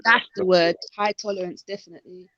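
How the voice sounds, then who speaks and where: A woman's voice: fairly low pitch, fairly even intonation, a little fast, a crowd in the background. A woman on a casual live-stream panel, chatty and reasoning things through. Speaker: panel guest. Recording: slightly muffled call audio.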